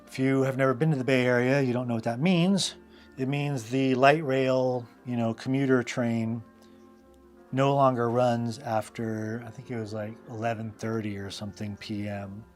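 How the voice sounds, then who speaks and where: A host and illustrator runs a live drawing stream, telling casual, rambling stories packed with fillers and asides. His mid-range voice has fairly even intonation at a moderate pace, with soft music in the background.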